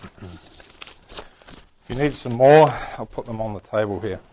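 A man's voice: on the low side, takes it slowly, mellow. Chatty New Zealand man teaching class. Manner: chatty, joking with the audience. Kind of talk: casual classroom lecture.

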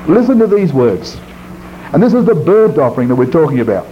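A man preaching a sermon, stressing words hard and dropping to low quiet phrases, reading scripture in slow drawn-out tones. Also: big pitch swings. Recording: dull lo-fi recording with faint hiss.

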